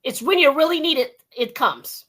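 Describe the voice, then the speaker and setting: A woman from Southern California hosting a casual talk show interview, animated and laughing often, calling her guest "dear". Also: high voice, normal speed.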